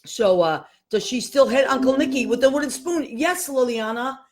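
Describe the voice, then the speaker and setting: A woman's voice: sits high, lively intonation, moderate pace. A woman hosting a live show solo, chatting casually and greeting listeners one by one by name. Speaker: host.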